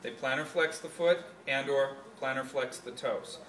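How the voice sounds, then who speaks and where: A man's voice: mid-range voice, moderate pace, a bit bright. A male instructor demonstrating anatomy hands-on to a class, explaining step by step and correcting himself mid-sentence. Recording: echoey classroom from far off, faint noise.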